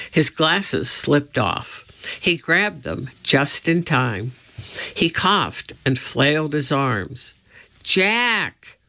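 An audiobook narrator giving a measured, deliberate storybook reading on a dull lo-fi recording. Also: medium pitch, gravelly, fairly bright tone.

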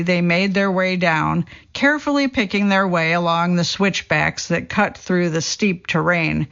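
A narrator giving a scripted reading of a true story, quoting people in the same steady voice. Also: medium pitch, gravelly. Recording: dull lo-fi recording.

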